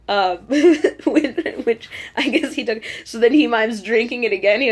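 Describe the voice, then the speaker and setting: A woman's voice: on the high side, normal speed. A woman vlogging to a handheld camera, telling a casual story and animatedly acting out her own reactions. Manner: chatty, animated quoting of herself. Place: abroad in Korea, at home.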